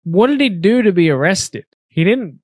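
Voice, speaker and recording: Teasing man with a slightly high voice. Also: lively intonation, normal speed, no echo, clean studio sound. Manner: teasing, quizzing, swears freely. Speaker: podcast co-host. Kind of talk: casual chat. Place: indoors on a couch.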